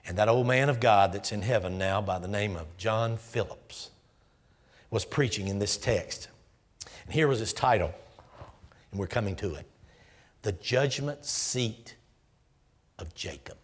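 A man's voice: on the low side, normal speed, long pauses. Emphatic preacher in his sixties. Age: 60s. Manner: emphatic, numbered points, drops to hushed asides. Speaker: guest preacher. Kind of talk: sermon.

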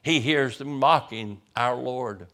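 A man's voice: mid-range voice, slow, sharp tone. A man, a pastor, preaching a sermon as vivid storytelling, often stammering over the first words of a sentence.

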